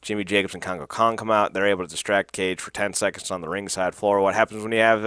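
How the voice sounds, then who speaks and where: A man's voice: fairly low pitch, fairly even intonation, quick pace, hardly any pauses, fairly bright tone, clear, resonant tone, dry recording, clean studio sound. A man hosting a podcast, recapping wrestling in a loose, profane way with lots of fillers and laughs. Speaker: podcast host.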